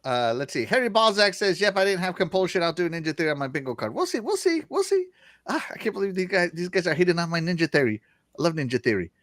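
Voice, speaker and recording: A man's voice: on the high side, lively intonation, very fast, a bit bright, no echo, studio quality. A man with a Southern American accent hosting a casual livestream, reading chat comments aloud and laughing often. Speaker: show host reading chat.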